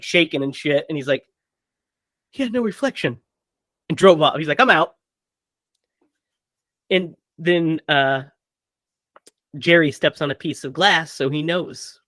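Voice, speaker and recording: A man co-hosting a casual movie podcast, retelling scenes with quick quoted character lines. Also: fairly high pitch, fairly bright tone, no room sound, studio quality. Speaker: podcast co-host.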